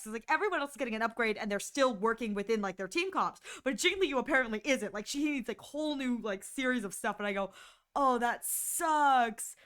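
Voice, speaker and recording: A woman streams from home and chats casually with her viewers. She giggles often and breaks into little acted-out voices when she quotes someone. Her voice sits a touch high and comes across smooth and clear. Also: fairly bright tone.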